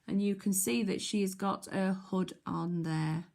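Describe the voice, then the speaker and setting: A woman teacher leading a phonics lesson for young children, speaking clearly and encouragingly in call-and-response. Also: mid-range voice, fairly even intonation, measured pace, a little mellow.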